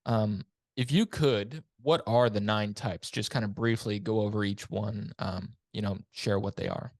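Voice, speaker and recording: A man's voice: fairly low pitch, steady tone, a little slow, no echo, studio quality. A man hosting a podcast interview, chatting casually with lots of fillers. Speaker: podcast host.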